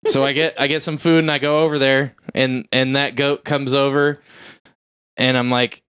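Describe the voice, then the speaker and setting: A man chats on a podcast in a middle-pitched voice, caught close and dry on the mic. He rambles through a story and laughs at his own jokes as he goes. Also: flat delivery, moderate pace, fairly bright tone, clear, resonant tone, no room sound. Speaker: podcast host. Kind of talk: casual chat.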